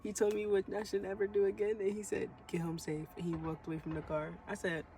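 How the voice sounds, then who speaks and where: A woman's voice: medium pitch, level tone, quick pace, noisy background. A young woman vlogging casually to camera, slangy and rambling, tearful after crying for a long time. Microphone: phone camera.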